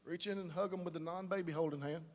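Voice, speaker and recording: A man preaching a sermon, animated and conversational, slipping into quoted voices. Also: high voice, fast talker. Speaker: pastor. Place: large church auditorium. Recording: live church hall reverb.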